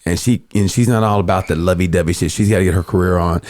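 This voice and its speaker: A man's voice: deep voice, fast talker. A man, a comedian guest, telling stories in a casual chat, laughing often and acting out the voices of people in his stories. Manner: animated, laughing, acts out quoted voices.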